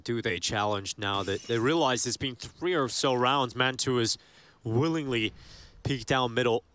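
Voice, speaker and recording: A man's voice: normal speed, a little hiss or hum. Man calling esports play-by-play. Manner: climbs into excited high-pitched calls on big plays. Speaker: esports commentator. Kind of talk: play-by-play commentary.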